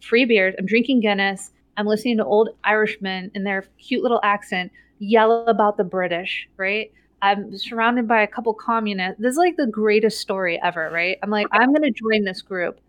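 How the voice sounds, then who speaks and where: A middle-aged woman telling a story in casual chat, animated and laughing often, with many "like" and "right?" tags. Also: medium pitch, moderate pace, few pauses, no room sound.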